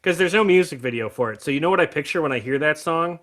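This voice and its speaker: A man hosting a casual livestream chat about music, animated and laughing often as he talks. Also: a little high, quick pace. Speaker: host.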